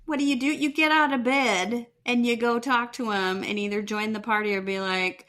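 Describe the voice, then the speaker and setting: A woman's voice: a little high, moderate pace. A woman co-hosting a podcast who chats casually about reality TV, agreeing often and mocking the cast with sarcastic impressions. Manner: agreeable backchanneling, lively sarcastic mimicry. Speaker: podcast co-host. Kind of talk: casual chat recapping reality TV.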